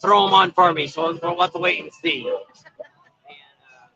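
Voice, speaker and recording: A man with a high, gravelly voice rambles casually on a live stream, with plenty of uh fillers as he films a busy street. The phone mic gives a dull, lo-fi sound. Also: fairly even intonation, a little slow, sharp tone. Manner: rambling, filler-heavy with frequent uh. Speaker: vlog co-host filming the street. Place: busy street outdoors at a motorcycle rally. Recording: dull lo-fi livestream audio.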